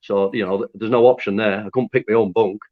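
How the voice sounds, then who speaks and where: A man with a fairly low voice tells his story candidly and with animation. He swears freely and laughs at himself as he goes. The recording is dull and muffled. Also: steady tone, fast. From Lancaster, North West England. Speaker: interview guest. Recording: dull lo-fi audio.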